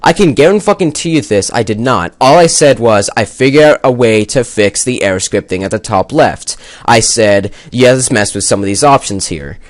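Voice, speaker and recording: A man's voice: medium pitch, animated, brisk, few pauses, dry recording. A young man ranting angrily about a game, swearing a lot and rambling as he argues his point. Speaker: gaming video maker. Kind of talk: angry rant to camera.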